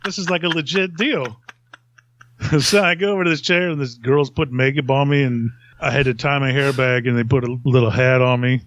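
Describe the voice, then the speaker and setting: A man's voice: mid-range voice, steady tone, normal speed, a bit bright, no echo, lo-fi sound. Rambling, chuckling man telling a story. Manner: rambling, self-mocking, laughs often. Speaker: podcast host telling a story. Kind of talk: casual storytelling.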